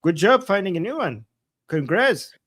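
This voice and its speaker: A man hosting a political livestream, reading viewer super chats and reacting in casual, upbeat chat with quick acknowledgments. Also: sits high, sing-song, a bit bright, no echo.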